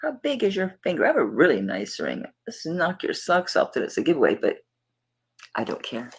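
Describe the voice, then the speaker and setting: A middle-aged woman with a Southern accent chats her way through a live jewelry auction. Her voice sits on the low side but bounces animatedly up and down. She is warm with viewers and calls them baby. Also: huge pitch swings, brisk, a little hiss or hum, rough recording. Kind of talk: casual livestream chat.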